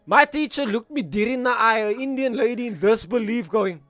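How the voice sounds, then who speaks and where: A young man with a South African accent, telling animated, laughing stories in casual chat on a stream. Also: very high voice, moderate pace, few pauses, soft background music.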